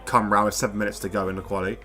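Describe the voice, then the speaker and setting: A man commentating a live sim racing qualifying session, chatty and quick to laugh. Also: lowish voice, soft background music. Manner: chatty, laughs often, excitable. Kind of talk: live esports race commentary.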